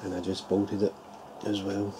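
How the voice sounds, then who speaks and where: A man with a low, monotone voice talks at a moderate pace while casually showing off his homemade model trailer build. He thinks aloud with loose restarts in this show-and-tell vlog, with clear background ambience noise in the recording.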